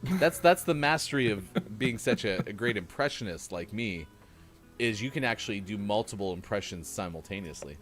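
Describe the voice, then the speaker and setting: A man's voice: lowish voice, animated, moderate pace, a bit bright, soft background music. A man hosting a morning show, chatting casually and reading out birthdays in a jokey, self-mocking way.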